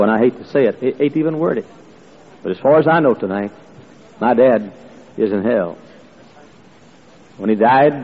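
A man preaching a sermon, telling stories in an earnest way with frequent filler sounds, recorded in a church or meeting hall. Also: mid-range voice. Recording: echoey hall, dull lo-fi sound.

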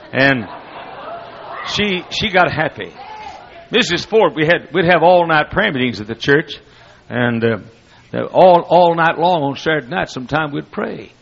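A man preaching a sermon, telling a folksy, humorous story with loud bursts. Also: mid-range voice. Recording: dull lo-fi recording.

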